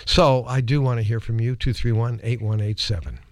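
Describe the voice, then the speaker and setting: A man's voice: medium pitch, steady tone, a little fast, dry recording. A man hosting a call-in radio show who laughs easily and talks with many hesitant fillers. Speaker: radio talk show host.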